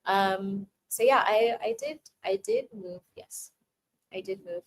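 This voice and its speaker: A woman chatting casually to her livestream audience, her voice sitting a little high. She laughs often, restarts sentences and scatters filler words as she reads out and answers viewers' messages. The talk runs loose and conversational. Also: very animated, takes it slowly, vocal fry, slight background noise, rough recording. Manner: warmly thanks viewers reading chat. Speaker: livestream host answering chat. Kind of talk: casual chat.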